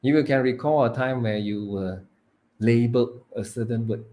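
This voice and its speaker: Animated man coaching public speaking. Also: mid-range voice, moderate pace. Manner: animated, swings between loud and hushed to demonstrate; emphatic, stretches words for effect. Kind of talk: live training talk.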